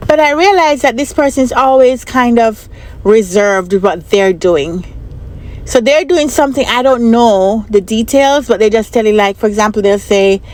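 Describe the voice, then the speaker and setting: A woman talks straight to her viewers, telling a personal story in a loose, chatty way. She circles back over her points and asks the audience for their opinion. Her voice sits a little on the high side. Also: moderate pace, a little mellow. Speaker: vlogger and business analyst trainer. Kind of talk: casual storytelling to camera.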